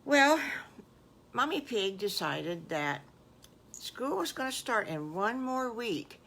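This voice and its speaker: Slow, folksy older storytelling woman. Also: fairly high pitch, creaky. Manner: folksy, animated, with asides to listeners. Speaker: storyteller grandmother. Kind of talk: improvised children's story narration.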